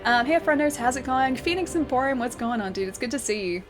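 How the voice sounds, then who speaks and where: A young Australian woman with a slightly high voice chats away on a live game stream, giggling as she reads her viewers' messages. Soft game music plays faintly behind her. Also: expressive, quick pace. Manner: chatty and giggly, reads chat aloud.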